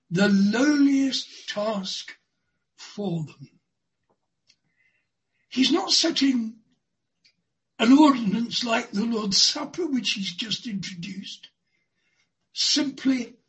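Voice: mid-range voice, fairly bright tone, poor audio. A preacher giving a sermon, stretching out key words for emphasis.

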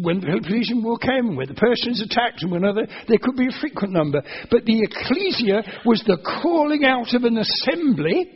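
A man with a high, husky voice preaches a sermon, explaining patiently and then pressing his point with repeated phrases. The recording sounds dull and lo-fi, as on an old sermon tape. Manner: earnest, explanatory, rising to emphatic repetition. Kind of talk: expository sermon.

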